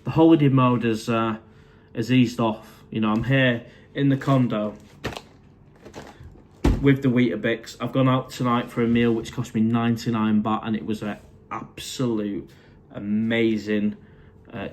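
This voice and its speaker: A man's voice: lowish voice, level tone, unhurried. Chatty Mancunian man, middle-aged. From Manchester, England. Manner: chatty and matey, calls viewers mate. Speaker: live-stream host reading viewer comments. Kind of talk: casual live-stream chat. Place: condo indoors.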